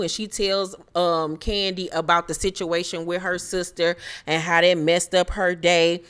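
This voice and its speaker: A woman's voice: lowish voice, steady tone, unhurried, a bit bright, smooth. Blunt, gossipy woman recapping reality TV. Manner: blunt, profane, gossipy with frequent laughs. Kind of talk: casual episode recap commentary.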